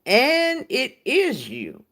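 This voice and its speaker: A woman's voice: high voice, wildly swooping pitch, drawn-out words, fairly bright tone. A woman hosting a casual spiritual talk, speaking frankly and with profanity while she puts rhetorical questions to her listeners. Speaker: podcast host.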